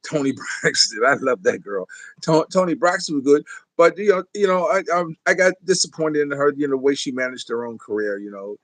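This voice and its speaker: A man's voice: mid-range voice, no room sound. A man hosting a music show, chatting casually between songs in a rambling way, full of fillers and little chuckles.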